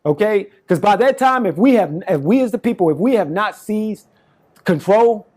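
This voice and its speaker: A man's voice: high voice, lively intonation, normal speed, a little mellow. A man in his forties delivering an impassioned, rambling monologue straight to the camera, in slangy casual speech full of restarts. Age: 40s. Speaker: self-styled political campaigner.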